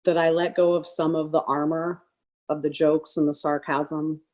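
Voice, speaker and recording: A woman, a lawyer in a trial skills workshop, explaining her practice in a thoughtful, measured way. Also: low-pitched, flat delivery, darkish tone. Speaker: workshop participant, defense lawyer.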